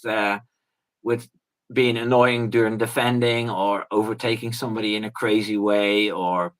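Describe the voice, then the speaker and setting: A man's voice: medium pitch, a bit bright, poor audio. A man talking as a guest in a casual chat, rambling with fillers and false starts. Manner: rambling, many fillers and restarts, mimics people in quotes.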